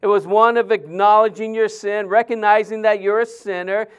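A male pastor, preaching in a conversational way, with many fillers and restarts, dropping his voice softly when he quotes others. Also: high voice, fairly even intonation, moderate pace, smooth. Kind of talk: sermon.

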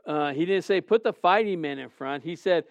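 A middle-aged man preaching a sermon as a pastor, earnest, swinging between soft and loud with frequent restarts. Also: on the high side, expressive, moderate pace, no echo.

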